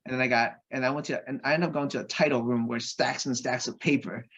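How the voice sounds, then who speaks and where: A man, a podcast guest, telling a personal anecdote in an animated way and acting out the voices of the people in it. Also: mid-range voice, fast talker, muffled recording. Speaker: podcast guest, real estate investor.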